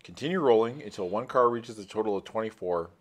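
A man's voice: fairly low pitch, lively intonation, fast. A man reading a choose-your-own-adventure book aloud during a tabletop stream, casual and joking with frequent swearing. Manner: profane, joking. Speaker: player reading a gamebook aloud.

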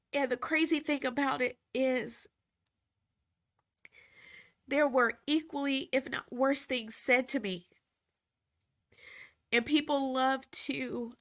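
A woman who was once a reality TV cast member reflects emotionally and earnestly, halting at times and repeating phrases for emphasis. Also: high voice, creaky, fairly bright tone.

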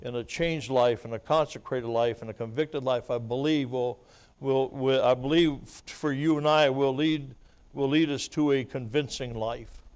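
A male evangelist preaching at a revival, telling his testimony and building up to loud, fervent preaching punctuated with amen and laughter, at times choked up with tears. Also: medium pitch, steady tone, moderate pace, clean tone. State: choked up, weeping. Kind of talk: revival sermon.

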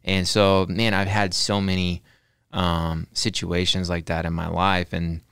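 A man's voice: low voice, level tone, measured pace, vocal fry, fairly bright tone, smooth, no room sound, studio quality. A man, talking earnestly as a podcast guest, often repeating words while he thinks and adding "right?". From Texas. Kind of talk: casual podcast interview.

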